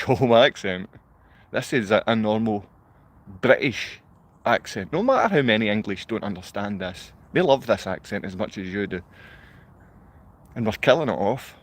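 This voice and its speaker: A Scottish man speaks to a handful of viewers on a live stream in a long, rambling rant. His voice sits low, and his talk is blunt and wandering. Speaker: livestreamer. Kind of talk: rambling monologue to a live online audience.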